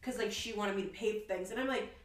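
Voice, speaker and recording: A woman's voice: medium pitch, fast, reverberant, distant mic, low-quality recording. A young woman co-hosting a podcast, telling a date story in casual chat and acting out both sides of the conversation. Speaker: podcast co-host.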